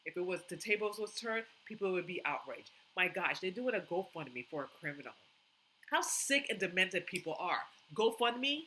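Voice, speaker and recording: A woman's voice: lowish voice, big pitch swings, moderate pace, sharp tone, slight background noise, rough recording. Indignant woman ranting to camera. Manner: indignant, emphatic, repeats herself. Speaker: commentary vlogger. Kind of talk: opinionated reaction commentary.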